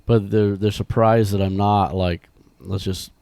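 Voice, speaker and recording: A deep, warm man talks casually on a podcast, his voice worn down by a cold. He wanders through his points with fillers and restarts. The sound is dry and close. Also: fairly even intonation, measured pace, creaky, clean tone, no room sound. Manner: rambling, many restarts and fillers. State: sick, rough voice. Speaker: podcast co-host.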